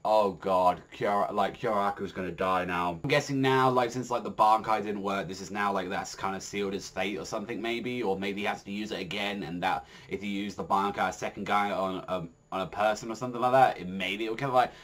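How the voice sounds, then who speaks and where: Lowish-voiced guy rambling thru a manga review, tons of "like"s, swears a lot, gets hyped. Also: fast talker, hardly any pauses. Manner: rambling, heavy on fillers, swears freely; excitable, jumps in pitch when enthused. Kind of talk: casual spoken review.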